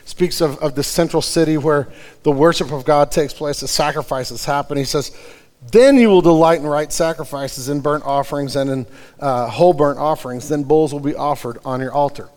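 A man preaching a sermon, earnest, moving between fervent prayer and quiet, careful explanation. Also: a little high, moderate pace, long reverb tail. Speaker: pastor.

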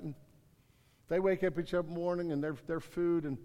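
High-voiced man preaching in a reverberant hall. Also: steady tone, normal speed, warm tone, dull audio. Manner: earnest, repeats words, rises to emphatic then drops low. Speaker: pastor. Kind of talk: sermon. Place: large room with congregation.

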